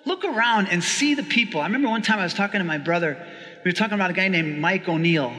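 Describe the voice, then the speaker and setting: Male priest, chatty homily style, high bright voice, long reverb on the recording. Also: fast talker. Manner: chatty and animated, laughing often, asking listeners "right?". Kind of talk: conversational sermon.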